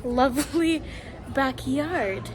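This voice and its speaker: A woman casually vlogging to camera from her phone, excitable and playful, swearing now and then. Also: high-pitched, extremely slow, a crowd in the background. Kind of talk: casual vlog chatter to camera. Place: stores, streets and a theme-park district.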